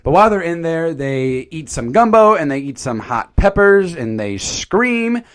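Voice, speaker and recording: Rambling, animated male reviewer, a bit high, lively pitch swings. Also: measured pace. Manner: rambling, animated, with fillers and mild swearing. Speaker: channel host. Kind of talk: casual movie review commentary.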